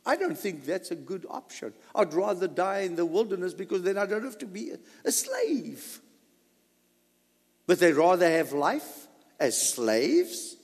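A man preaching a sermon, swinging between loud emphasis and soft asides. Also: sits high. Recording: long hall reverb.

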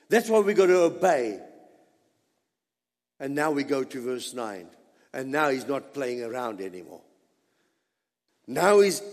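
A man's voice: fairly high pitch, big-room sound. A man preaching a sermon as pastor, emphatic and dramatic, dropping suddenly to near whispers.

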